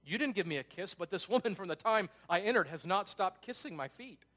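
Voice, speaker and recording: A male pastor preaching a sermon in a conversational way, dropping to hushed tones and then rising to emphatic urgency. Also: sits high, lively intonation, fairly quick. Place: church.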